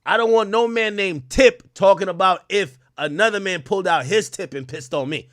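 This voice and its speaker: A young adult man hosting a live stream, reacting loudly to gossip with profane, animated commentary and frequent laughter. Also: high voice, moderate pace, dry recording, clean studio sound. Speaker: streamer host.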